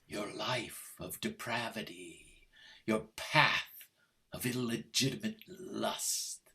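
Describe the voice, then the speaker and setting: A man's voice: on the low side, takes it slowly, gravelly, bright, forceful tone, full character voice. An older man playing a cold, formal husband, on a video call, speaking with precise diction and sarcastic menace. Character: stiff, icy English husband Richard, middle-aged. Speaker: stage actor. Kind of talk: stage play reading over video call.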